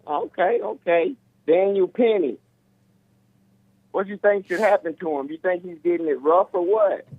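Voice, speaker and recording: A man's voice: high-pitched, moderate pace, pauses often, dry recording. A man calling in from Los Angeles to a talk show, blunt and questioning. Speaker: caller. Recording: tinny phone line.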